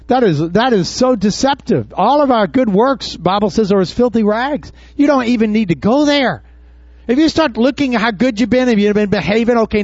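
High-voiced preacher man, dry and dull. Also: darkish tone, no room sound. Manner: calls out questions to the congregation and acts out Bible scenes. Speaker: pastor. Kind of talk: sermon. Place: church before a congregation.

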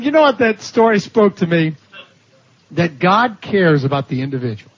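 In a sing-song voice of fairly high pitch and at a moderate pace, a man delivers a storytelling sermon. He laughs and voices the people in his tales with animation, and the recording sounds dull and lo-fi.

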